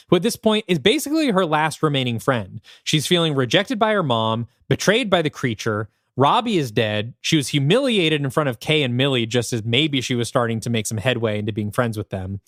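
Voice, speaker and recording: A man co-hosting a podcast, narrating a story pitch in an animated, thinking-aloud way. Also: fairly quick, few pauses, no echo, studio quality. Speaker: podcast co-host.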